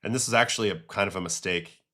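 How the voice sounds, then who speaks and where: Chatty lower-voiced man breaking down clips. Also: fast talker, sharp tone. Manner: chatty, reacting to game clips and chat. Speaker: host, former pitcher. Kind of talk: casual livestream commentary.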